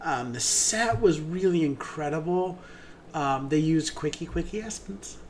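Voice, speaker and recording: A man's voice: fairly high pitch, expressive, a little slow, a little hiss or hum. Gushing man reviewing theater shows. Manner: gushing, enthusiastic, with many ums. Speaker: theater podcast co-host. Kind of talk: casual theater review chat.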